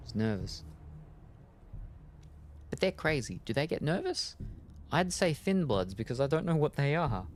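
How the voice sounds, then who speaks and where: A man's voice: medium pitch, big pitch swings, unhurried, music in the background. A man streaming a story game, giving casual commentary in a rambling, self-mocking way and tripping over his words.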